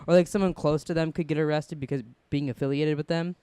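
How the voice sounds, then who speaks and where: A young man co-hosting a casual TV review chat, excited and rambling with lots of restarts. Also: fairly high pitch, fast, clear, resonant tone, no room sound. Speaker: podcast co-host.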